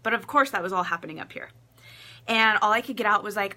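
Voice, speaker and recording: A woman talking straight to camera as a relationship coach, her voice bright and forward. She tells stories casually and with feeling, playing out both sides of a conversation and laughing often. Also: medium pitch, fast talker. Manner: animated storytelling, acts out quotes.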